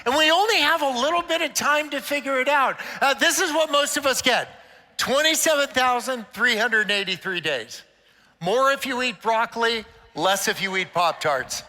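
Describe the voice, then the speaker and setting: A man's voice: very high-pitched, expressive, moderate pace, bright, forceful tone. An older man giving an inspirational talk to a conference of church leaders, a playful, joking storyteller. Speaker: conference speaker. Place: conference stage in a large hall. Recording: long reverb of a large hall.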